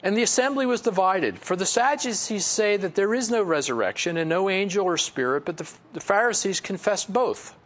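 A man's voice: high-pitched, animated, brisk, few pauses, fairly bright tone. A middle-aged man pastor teaching through a Bible passage in a conversational way, reading verses and then explaining them with asides and chuckles.

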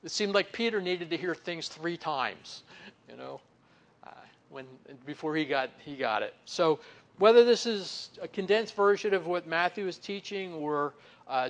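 A man delivering an easygoing, conversational sermon, his voice sitting a touch high. He keeps saying "you know", draws out important words slowly for weight, then lets lines fall quiet and soft. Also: expressive. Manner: folksy, fills pauses with "you know"; stretches key words slowly for emphasis, then drops soft. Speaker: pastor or Bible teacher.

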